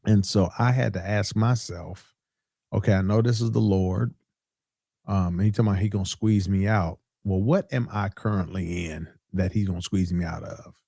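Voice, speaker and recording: A man's voice: low-pitched, moderate pace, gravelly, warm tone, breathy edge, dry recording, clean studio sound. A middle-aged man, a pastor hosting a podcast, telling a story in a casual way and repeating points for emphasis. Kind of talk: casual preaching podcast talk.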